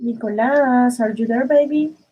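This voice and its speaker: A woman's voice: on the high side, a little slow, narrow, tinny audio. A woman teaching English in an online class over a video call, explaining grammar affectionately and calling students dears. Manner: affectionate, calls students dears and babies, mixes in Spanish.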